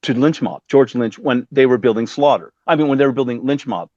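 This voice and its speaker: A man in his fifties telling stories casually as a musician guest, animated and acting out the voices of other people he quotes. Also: mid-range voice, a little fast, dry recording. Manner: animated, acts out quoted voices, swears freely. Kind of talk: casual storytelling. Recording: dull dry lo-fi sound.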